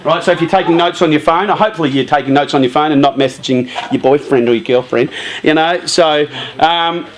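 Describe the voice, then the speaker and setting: A man giving a casual, lively talk to a youth group, often saying "you know" and "um". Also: a little high, a little fast.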